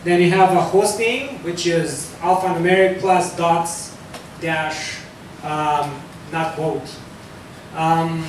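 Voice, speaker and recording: A man with a fairly high voice for a man gives a technical talk to a live audience in a loose, conversational way, full of fillers and frequent self-corrections. Because he sits far from the microphone, the audio sounds thin and roomy, with heavy echo and a faint low rumble.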